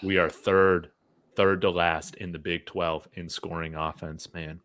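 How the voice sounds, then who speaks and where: A man's voice: low-pitched, level tone, unhurried, a bit bright, dry recording. A man co-hosting a sports podcast, talking bluntly and with exasperation, often saying "man" and "dude". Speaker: podcast co-host. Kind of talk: casual sports podcast chat.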